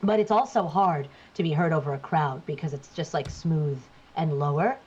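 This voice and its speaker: Deep, husky, and darkish in tone, a New Jersey woman talks at a moderate pace as a voice actor guest during gaming. She's chatty and demonstrates by shifting where her voice sits, heard through dull lo-fi sound.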